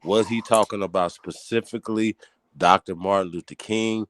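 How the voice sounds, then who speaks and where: A man's voice: moderate pace, no room sound. Man host, brash and profane, dry close sound. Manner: loud, profane, excitable, cracks high when riled. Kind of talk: heated casual podcast talk.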